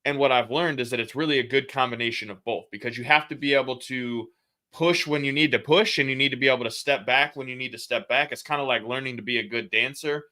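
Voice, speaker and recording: A man's voice: mid-range voice, quick pace, bright, forceful tone. A man in his thirties, a podcast guest, telling candid stories about sales and family in casual slang. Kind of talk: casual interview chat.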